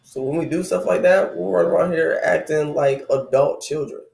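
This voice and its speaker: A man's voice: fairly high pitch, normal speed, vocal fry, darkish tone. A man in his thirties talking casually and reflectively about spiritual growth, rambling in a conversational way. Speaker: spiritual vlogger. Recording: echoey room.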